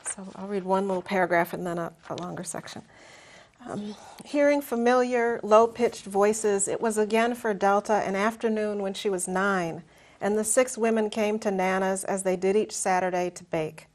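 Brief: woman novelist, mid-range voice, short halting intro, then steady reading. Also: mid-range voice. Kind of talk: introducing and reading her fiction.

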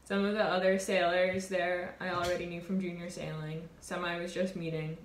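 A woman in her twenties, a college sailor, telling a reflective personal story in an earnest, warm way. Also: lowish voice, little pitch movement, normal speed, roomy sound, a little hiss or hum. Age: 20s. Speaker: college sailor and award winner.

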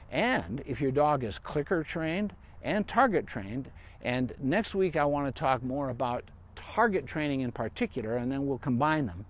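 A man, a veterinarian, giving dog training advice in a casual, rambling live-stream Q&A outdoors in a park. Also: medium pitch. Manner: chatty and rambling, with asides and fillers.

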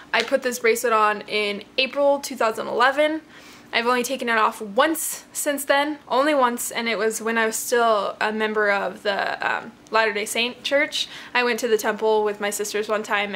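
A woman's voice: medium pitch, pushed and bright, slight background noise. A young woman chatting in a rambling, casual way with many fillers, showing her jewelry to the camera from her bedroom. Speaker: vlogger. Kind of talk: casual show-and-tell vlog. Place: bedroom at home.

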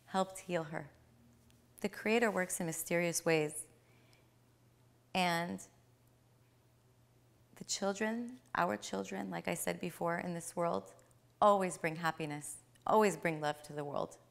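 A woman telling a spiritual story in a gentle, emphatic way, repeating phrases for effect. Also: on the low side, creaky.

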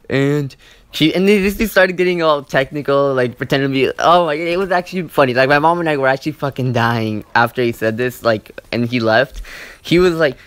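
A young man tells a story over gameplay in a loose, rambling, profane way, leaning on "like" and "you know" at every turn. His voice sits at an ordinary middle pitch. The sound is dry and close, with no room echo. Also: fairly quick, fairly bright tone, clean tone. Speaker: gaming channel host.

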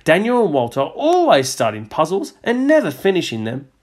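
A man's voice: on the high side, huge pitch swings, normal speed, a little mellow, voice pushed up. A man voicing a chatty, mildly disapproving woman guest in a storybook.

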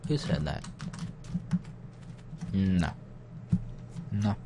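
A man's voice: low-pitched, very animated, very slow, creaky, noisy background. A young man muttering to himself as he comments casually on his game, getting easily frustrated. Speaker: gaming channel host.

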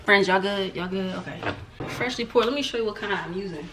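A young Southern American woman vlogs from home, chatting playfully to the camera and treating her viewers like friends. Her voice is mid-range and fairly quick, and the recording is very noisy.

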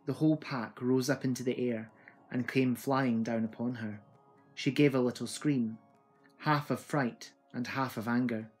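Husky man reading a storybook aloud. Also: medium pitch. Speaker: reader.

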